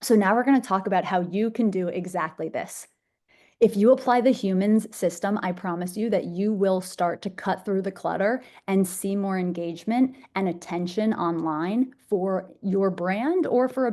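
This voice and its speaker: A woman's voice: medium pitch, moderate pace, warm tone. Bubbly young woman giving a talk. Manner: bubbly, enthusiastic, conversational. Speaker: social media speaker. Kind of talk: energetic masterclass presentation.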